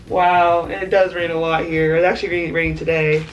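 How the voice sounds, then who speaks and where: A woman's voice: low voice, fast, few pauses, muffled recording, faint music behind. A woman vlogging at home, gushing and laughing as she unboxes a care package. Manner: excited, gushing, often laughing. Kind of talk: casual vlog unboxing.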